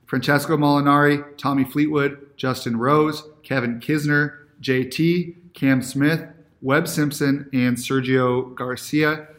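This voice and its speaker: A man's voice: mid-range voice, fairly even intonation, takes it slowly, hardly any pauses, a bit bright. A man co-hosting a podcast in casual banter, enthusiastic as he rattles off picks. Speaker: podcast co-host.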